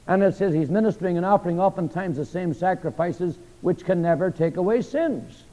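A man's voice: high-pitched, lively intonation, a little fast, mellow. Preaching man in an echoing hall. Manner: call-and-response questions, emphatic repetition. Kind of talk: sermon. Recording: dull long-reverb church hall recording.

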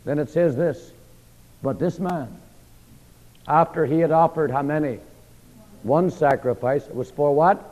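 A man preaches a sermon in a slightly high voice, throwing questions at his listeners and repeating key words for emphasis. The recording is dull and muffled, with a long reverb from a large hall. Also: measured pace, long pauses, darkish tone. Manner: call-and-response questions, emphatic repetition.

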